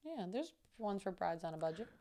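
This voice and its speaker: A woman's voice: mid-range voice, sing-song, fairly quick, warm tone, no room sound. A young woman co-hosting a podcast, chatting casually with lots of laughter and teasing. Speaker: podcast co-host. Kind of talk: casual chat.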